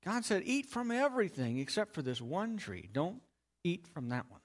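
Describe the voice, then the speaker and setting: A man with a high voice, big pitch swings, and normal speed teaches an expository sermon on a Bible passage. He asks listeners questions, answers them himself, and stresses key words along the way.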